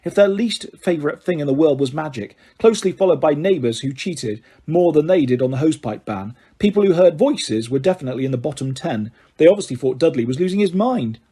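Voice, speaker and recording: Male audiobook narrator, measured, husky mellow tone. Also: on the high side, animated. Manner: measured storytelling. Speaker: audiobook reader. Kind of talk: novel narration.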